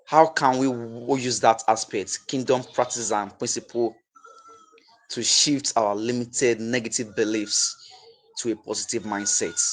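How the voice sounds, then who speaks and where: A man hosting an interview, asking questions and reflecting, with a halting delivery full of repeated words and restarts. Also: mid-range voice, steady tone, fairly bright tone, rough recording. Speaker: interview host.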